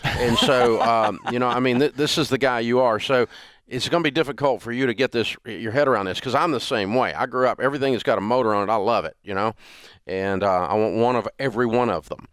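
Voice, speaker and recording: A man's voice: mid-range voice, fast talker, a bit bright, clear, resonant tone, no echo. A man in his sixties hosting a call-in money advice show, telling stories in a folksy way with lots of fillers. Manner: folksy storytelling, frequent fillers and restarts. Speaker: radio show host.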